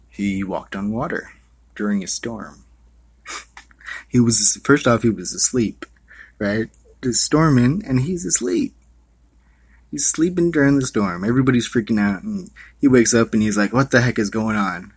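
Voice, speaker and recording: Husky, rambling male podcaster. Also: fairly low pitch, no echo. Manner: loose, profane, meandering with many fillers. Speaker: podcast host. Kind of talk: rambling monologue.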